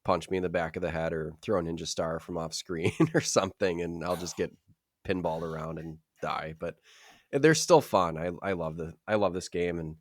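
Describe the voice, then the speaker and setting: Deep raspy sick man, very low voice. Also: normal speed, no room sound, clean studio sound. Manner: laughs often, self-deprecating. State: sick, hoarse. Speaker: podcast co-host. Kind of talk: casual podcast chat.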